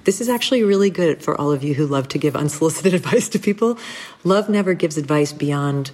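A middle-aged woman speaking candidly and thoughtfully as an interview guest, with soft laughs between thoughts. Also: low voice, lively intonation, fairly quick. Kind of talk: reflective conversational interview.

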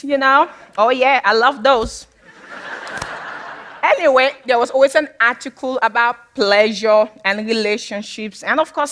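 A woman speaker from Sierra Leone telling her own story to an audience in a fairly high voice. She talks candidly and with humor, and often breaks into laughter. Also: a bit bright. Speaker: public speaker. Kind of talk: personal talk to an audience.

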